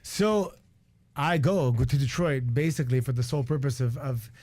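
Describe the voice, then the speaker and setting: A man's voice: medium pitch, normal speed, a little mellow, dry recording. Candid man in his forties telling stories. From Canada. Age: 40s. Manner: candid and profane, lots of restarts and quoted asides. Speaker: guest, retired wrestler. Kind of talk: animated storytelling on a radio show. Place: radio studio.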